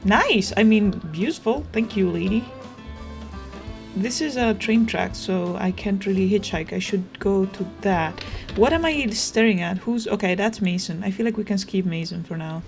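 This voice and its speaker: A young woman chatting casually as she plays a video game, rambling and thinking out loud. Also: mid-range voice, normal speed, hardly any pauses. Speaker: gaming streamer. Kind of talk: casual let's play commentary. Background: game music.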